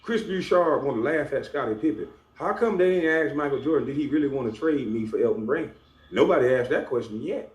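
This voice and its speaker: With medium pitch, lively intonation, and a brisk pace, a YouTuber launches into a scolding, confrontational monologue to camera, stressing his arguments. Background hum and room echo are faintly present.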